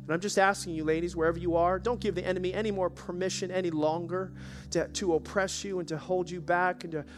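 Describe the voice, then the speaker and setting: High-voiced male pastor preaching. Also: steady tone, quick pace, music in the background. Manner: exhorting, calls for audience response. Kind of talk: sermon. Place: church service.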